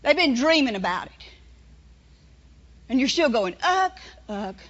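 A woman preaching a sermon, telling stories and acting out voices with lively delivery. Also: on the high side, normal speed, slightly rough, lo-fi sound. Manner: storytelling, animated, acts out inner voices.

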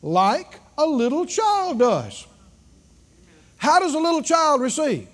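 High-voiced lively preacher man. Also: slow. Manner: call-and-response preaching, rising to shouts. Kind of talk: sermon.

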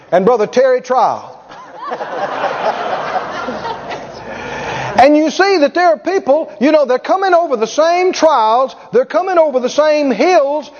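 A middle-aged man preaching a sermon with stories, folksy and animated, often chuckling. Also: very high voice. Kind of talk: sermon with storytelling. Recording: echoey hall, dull lo-fi sound.

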